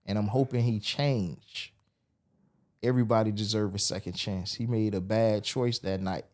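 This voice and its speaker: A man's voice: on the low side, fairly even intonation, moderate pace, darkish tone. A man, telling his story as a podcast guest and acting out the voices he quotes. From Miami, USA. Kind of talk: storytelling interview.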